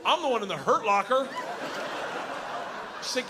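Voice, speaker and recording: A rowdy male comedian doing stand-up on a live stage, his slightly high voice bursting into excited yells. Crude, loud storytelling carries over a roaring crowd and steady background noise from the live recording. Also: measured pace, long pauses, long reverb tail. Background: audience laughter and crowd noise.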